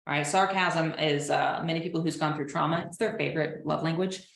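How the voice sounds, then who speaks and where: Low-voiced woman teaching in an echoey room. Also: brisk. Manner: lively, quotes clients in little acted voices. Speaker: trauma counselor. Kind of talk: teaching a training seminar.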